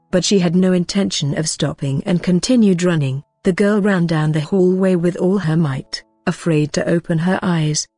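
Woman narrator, lowish voice, steady scripted recap read, dry close sound, soft music underneath. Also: slightly rough, dry recording. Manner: even storytelling read, all dialogue reported. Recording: dry voice-over with faint music.

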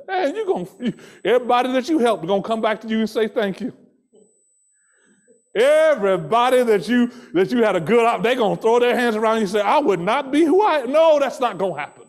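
High-pitched, impassioned male preacher. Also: animated, a little fast. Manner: impassioned preaching, shouting high phrases, then dropping low and soft; repeats rhythmic refrains. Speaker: pastor. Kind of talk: sermon.

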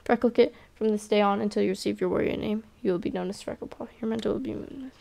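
Woman as a ceremonial cat leader, formal, low-key, gravelly touch. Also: fast, mellow. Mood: solemn. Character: solemn clan leader cat.

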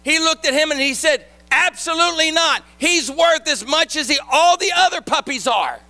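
A male pastor telling a story in his sermon, then preaching with rising, shouted emphasis. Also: very high voice, expressive, normal speed, dry recording.

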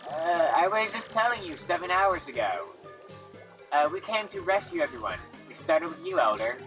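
A woman's voice: lowish voice, very animated, moderate pace, fairly bright tone, faint music behind. A woman voicing an earnest young male creature who leads his small tribe. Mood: defensive.

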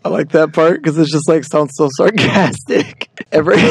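A man's voice: a little high, a little slow, gravelly, husky, no room sound. Goofy young man joking through a co-op game. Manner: goofy, laughs often, reads lines in a mock deadpan. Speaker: gaming channel co-host. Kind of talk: casual gameplay banter.

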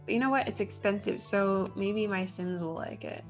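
A woman who sounds to be in her thirties hosts a gaming channel, offering casual let's play commentary as she builds. Her mid-range voice moves at normal speed over faint music, chatty and full of wry asides to herself.

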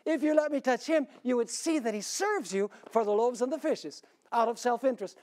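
Preacher voicing a sly scheming devil. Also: male voice, very high-pitched, brisk, darkish tone, voice pushed up. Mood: insinuating.

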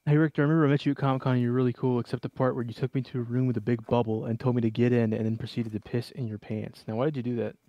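A young man playing a game with a friend, teasing and trolling him in a deadpan way. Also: mid-range voice, racing, few pauses, lo-fi sound. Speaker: co-op gaming guest. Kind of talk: casual co-op gameplay banter.

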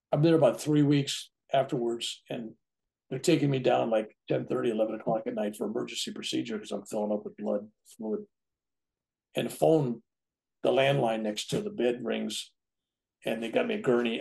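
A man's voice: mid-range voice, creaky, dark tone. A man in his seventies, an interview guest telling a personal story casually, acting out the dialogue and often checking in with "right?". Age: 70s. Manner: acts out quoted dialogue, tags lines with "right?".

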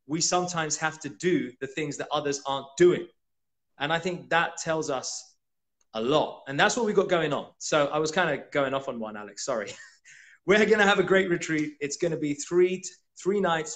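Emphatic man giving a motivational talk. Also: a little high. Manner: emphatic, rousing. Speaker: co-host, retreat leader. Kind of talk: casual motivational chat.

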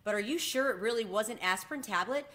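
A woman's voice: fairly high pitch, fast talker, fairly bright tone, voice pushed up, lightly acted. A woman reading the part of a nervous, worrying mother mouse in a storybook. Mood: worried. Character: worried, fussing mother mouse.

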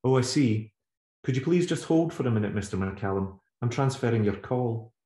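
A man's voice: medium pitch, lively intonation, normal speed, mellow, voice pushed up, natural voice. A man voicing an anxious young boy who speaks with stiff, over-formal politeness, in a roomy recording. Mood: nervous politeness. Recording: roomy echo.

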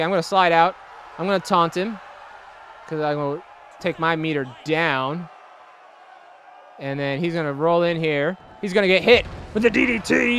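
A young man hosting a gaming video, giving excitable, jokey let's-play commentary and laughing often. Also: a little high, a little hiss or hum. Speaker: gaming channel host.

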